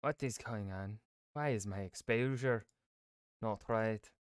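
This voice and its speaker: A man's voice: medium pitch, a little slow, no echo, clean studio sound. A man streaming a game, muttering to himself, swearing and complaining in an offhand casual way. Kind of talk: casual live-stream chat while gaming.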